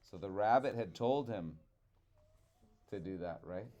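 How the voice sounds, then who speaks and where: A male teacher reads a storybook aloud to children, expressive and chatty, stopping for asides with the class. His voice is fairly low and his pace is measured.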